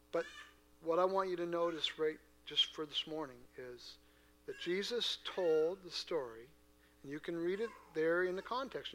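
Male pastor, raised pitch, bright tone, earnest sermon in church with big swings in loudness. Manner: earnest, swings from hushed asides to loud emphatic preaching; asks the congregation rhetorical questions. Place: church before a congregation.

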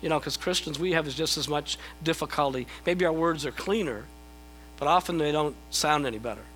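A man's voice: fairly high pitch, fairly quick, a bit bright, slight background noise, rough recording. A middle-aged man preaching a sermon in a conversational, self-deprecating way, often repeating his words as he starts a thought. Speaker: pastor.

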